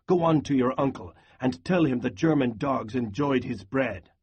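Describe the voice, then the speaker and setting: Man voicing a scornful soldier, harsh, husky, mocking, slow. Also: medium pitch, a little mellow, close to an everyday voice.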